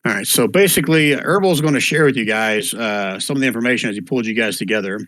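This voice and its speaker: A man's voice: mid-range voice, fast, fairly bright tone, dry recording, low-quality recording. A man running an online tabletop one-shot as game master, easygoing, with lots of fillers, spelling out names as he goes. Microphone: voice chat microphone.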